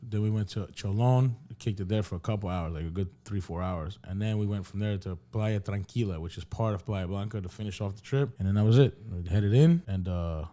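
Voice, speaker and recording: A man's voice: fairly low pitch, brisk, few pauses, dark tone. A man co-hosting a podcast, telling a rambling travel story in casual chat, swearing a lot and acting out what people said. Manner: rambling storyteller, heavy swearing, acts out dialogue.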